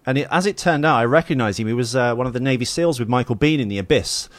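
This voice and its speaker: A man's voice: medium pitch, fast, few pauses, no echo. A man hosting an interview, asking long, rambling, chatty questions. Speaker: interviewer, podcast host. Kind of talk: casual interview.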